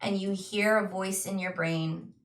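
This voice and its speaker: A woman game master slowly narrating a tabletop dream scene, with small restarts. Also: mid-range voice, fairly even intonation, distant mic. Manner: slow, descriptive storytelling with restarts. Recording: echoey room, voice off-mic.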